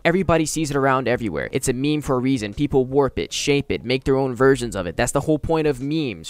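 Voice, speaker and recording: A man's voice: mid-range voice, smooth, dry recording. A man giving casual commentary as a YouTuber, slangy, exasperated and emphatic.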